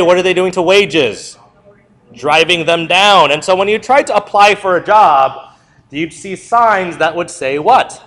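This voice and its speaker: A young man teaching in a classroom, his fairly high voice jumping up and down in pitch as he fires questions at the class. He reviews a history unit at a brisk, conversational clip, recorded from a little distance in the room. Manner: lively, asks the class questions and answers them himself.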